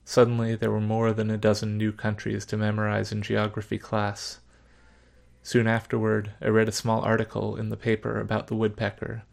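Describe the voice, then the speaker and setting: A man narrating a story in the first person, measured, subdued and reflective. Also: fairly low pitch, completely flat delivery, vocal fry.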